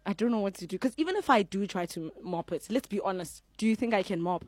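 A South African woman co-hosting a show in animated, playful casual chat. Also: medium pitch, fast, no room sound, clean studio sound. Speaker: radio co-host.

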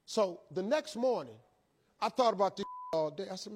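A man telling an animated, colloquial motivational story with lots of repetition. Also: sits high, normal speed, slight background noise.

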